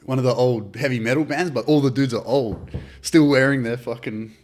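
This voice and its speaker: A man's voice: medium pitch, normal speed, darkish tone. Australian guy, podcast guest, loose rambling yarn, swears constantly, mid-range voice. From Adelaide, South Australia. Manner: rambling, heavy swearing, lots of "like" and "dude". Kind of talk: casual storytelling chat.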